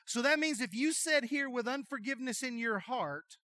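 A middle-aged man preaching a sermon as pastor, telling folksy jokey stories in an animated way. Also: very high voice, normal speed, no room sound.

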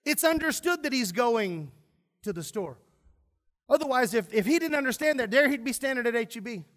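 A high-pitched man preaches to his congregation in a church. He speaks with emphasis and keeps posing questions to the room, then answers them himself. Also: animated, brisk, fairly bright tone. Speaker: pastor. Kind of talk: sermon.

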